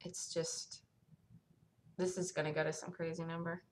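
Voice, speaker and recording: A woman's voice: on the low side, level tone, quick pace, a little hiss or hum. A woman hosting a stock market review show, talking through the day's trading on her own in an emphatic, self-assured way that circles back to the same points. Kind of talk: solo market review commentary.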